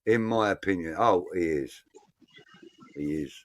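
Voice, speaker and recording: A man's voice: low voice, unhurried, a little hiss or hum. A middle-aged man, co-hosting a fan football show, rambling and laid-back while reading live comments. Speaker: fan podcast co-host.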